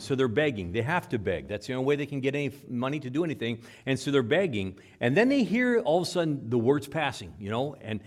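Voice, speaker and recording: A man preaching a sermon in church, animated, repeating words and acting out the quotes. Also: medium pitch. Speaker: pastor. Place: church with microphone.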